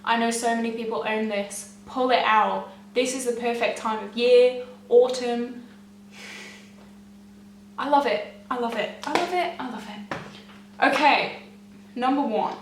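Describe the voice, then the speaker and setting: A young woman gushing excitedly to camera as a beauty vlogger, chatty and often laughing. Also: fairly high pitch, measured pace, pauses often, a little hiss or hum. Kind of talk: casual chat to camera. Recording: echoey room, mic at a distance.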